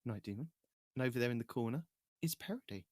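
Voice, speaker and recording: A man's voice: medium pitch, lively intonation, very fast, no echo. A British man hosting a podcast in playful, teasing casual banter. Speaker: podcast host.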